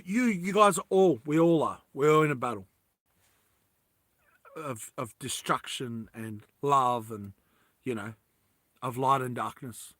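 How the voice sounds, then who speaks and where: A man's voice: a little high, fairly bright tone, no room sound. A man talking casually on a livestream, rambling and often laughing as he addresses his viewers.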